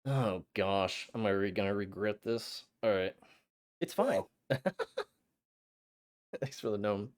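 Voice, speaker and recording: A young man streaming a game, chatting to his viewers in an excitable, flustered way with frequent stammers. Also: fairly low pitch, slow, pauses often. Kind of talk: casual live-stream chat.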